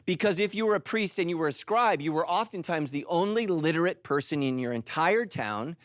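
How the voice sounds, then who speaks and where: A middle-aged male pastor preaching a sermon in an animated, joking way, acting out little voices. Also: on the high side, dry recording, clean studio sound. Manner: animated, jokey, acts out voices.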